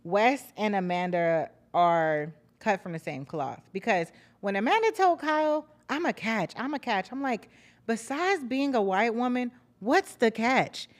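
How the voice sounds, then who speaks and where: A woman's voice: a little high, sing-song, unhurried. A young woman hosting a casual reality-TV recap, blunt, profane and sarcastic in her commentary. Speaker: podcast host recapping reality TV.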